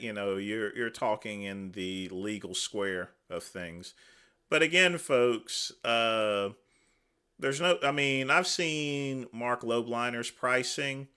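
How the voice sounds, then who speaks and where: A man's voice: mid-range voice, pushed and bright, clean tone. A man hosting a livestream, giving casual dismissive commentary full of fillers. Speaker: livestream host.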